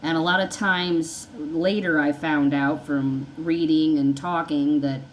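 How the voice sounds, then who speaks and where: A woman's voice: low-pitched, steady tone, a little slow, slight background noise, rough recording. A woman telling her own story in a casual, rambling way, often acting out what people said. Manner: rambling, conversational, repeats herself, acts out dialogue. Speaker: vlogger sharing her story.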